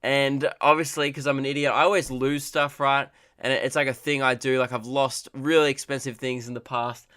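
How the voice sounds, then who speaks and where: A man's voice: mid-range voice, level tone, fairly quick, hardly any pauses, pushed and bright, smooth, no room sound, clean studio sound. Rambling man telling a comic story. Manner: rambling, many restarts and fillers, swears freely. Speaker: comedian podcast host.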